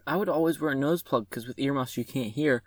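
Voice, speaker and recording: A man's voice: mid-range voice, quick pace, dry recording. Casting: male guest, nasal from a plugged nose, dry teasing humor, close dry mic. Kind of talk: casual chat.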